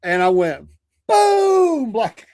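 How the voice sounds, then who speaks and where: A man's voice: on the high side, animated, brisk. A man co-hosting a casual livestream, reading viewer comments and telling rambling stories full of restarts. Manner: rambling storyteller with many restarts and fillers.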